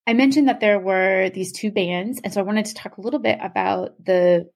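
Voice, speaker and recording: A woman's voice: mid-range voice, moderate pace. A young adult woman explaining a topic to a co-host in casual podcast talk, full of "um" and "like". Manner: chatty, many fillers like "um" and "like".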